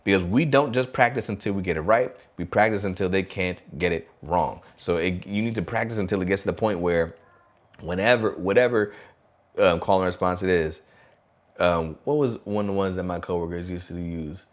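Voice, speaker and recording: Deep-voiced energetic man teaching teachers. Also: brisk. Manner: energetic, animated, acts out call and response chants. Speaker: podcast host and teacher trainer. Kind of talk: podcast teaching talk.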